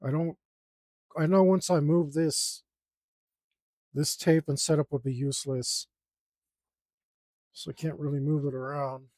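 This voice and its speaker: A man's voice: fairly high pitch, fairly even intonation, unhurried, long pauses, darkish tone, no room sound, clean studio sound. A young man inking a drawing, casually muttering and criticizing his own lines as he works. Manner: self-critical, mutters to himself while drawing. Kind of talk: casual work-along commentary.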